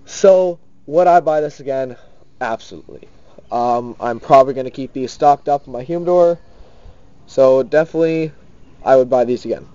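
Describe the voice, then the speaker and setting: A young man casually giving his rating in a cigar review, relaxed and leaning on words like definitely. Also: medium pitch, normal speed, no room sound. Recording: dull lo-fi sound.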